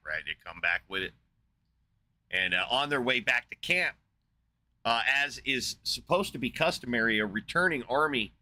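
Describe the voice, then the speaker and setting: A man's voice: lowish voice, sharp tone. A young man telling a crude, slangy story and arguing aggressively.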